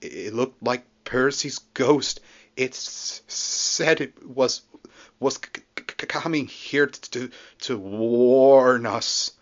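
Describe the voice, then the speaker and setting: A man's voice: sits high, very slow, sharp tone, lo-fi sound, pitched above the performer's own voice, full character voice. A man doing a shaky, stammering old tram engine. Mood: frightened. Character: kindly old male tram engine, timid.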